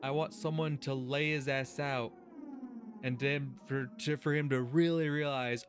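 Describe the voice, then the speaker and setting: A man's voice: mid-range voice, steady tone, a little slow, faint music behind. A man hosting a let's-play video, reading game text aloud and reacting with exasperation and heavy swearing. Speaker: gaming video host.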